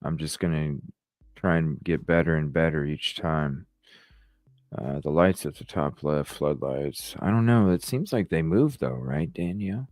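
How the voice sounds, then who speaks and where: A man's voice: rumbling low, measured pace, a little mellow, no echo, studio quality. A man hosting a late-night podcast livestream, tired and yawning, talking casually with plenty of swearing as he reads and answers viewer comments. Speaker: podcast host.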